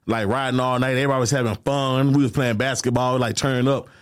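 A man's voice: mid-range voice, fairly even intonation, quick pace, smooth, no echo, studio quality. A young man with a Houston accent, a rapper as the interview guest, telling loose slangy stories in casual chat. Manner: loose, slangy, rambling storytelling.

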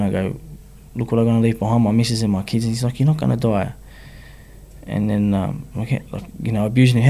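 A man's voice: fairly low pitch, fairly even intonation, fast, vocal fry, mellow. An Australian man, a rapper, frankly telling his personal story as an interview guest, in slangy speech that keeps checking in with the listener. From Sydney, Australia. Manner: frank, slangy, often adds "you know what I mean".

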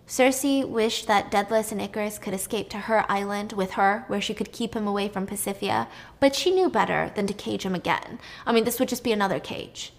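A woman's voice: mid-range voice, a little fast. A woman retelling a myth in a chatty, irreverent style, swearing freely and adding asides. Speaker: storyteller host. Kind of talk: casual mythology retelling.

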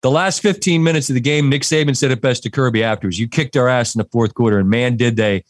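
A man's voice: medium pitch, fast talker, no echo. A middle-aged man hosting a casual sports talk show, earnest and direct, addressing listeners plainly. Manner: earnest, direct, preachy in asides. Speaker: host.

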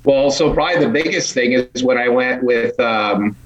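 A man telling stories as a podcast guest in an animated, casual way, laughing often and swearing freely. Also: medium pitch, normal speed, muffled recording. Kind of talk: casual storytelling. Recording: roomy echo.

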